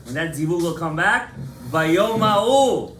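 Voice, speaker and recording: Man, rabbi, Torah class, animated, impassioned, quizzes students, fairly high voice, roomy hall. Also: normal speed, a little hiss or hum. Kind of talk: lively Torah class lecture.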